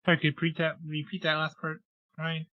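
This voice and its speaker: A man's voice: a little high, monotone, quick pace, no echo. A man playing in a tabletop game, thinking aloud hesitantly in casual talk. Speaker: player. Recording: dull lo-fi mic.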